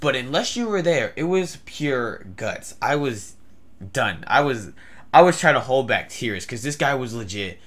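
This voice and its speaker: A man's voice: mid-range voice, very animated, unhurried, a bit bright. A young man telling a story in a rambling vlog, with many fillers and stammered restarts. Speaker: vlogger.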